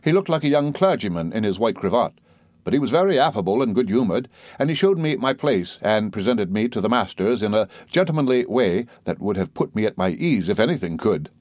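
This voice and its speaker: A man narrating a novel in a measured, steady reading. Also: fairly low pitch, no room sound. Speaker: audiobook narrator. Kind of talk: scripted narration.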